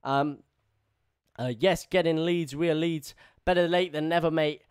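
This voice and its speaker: A man streaming live, giving excitable running commentary on a football match and repeating himself. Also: a little high, a little slow, clean tone.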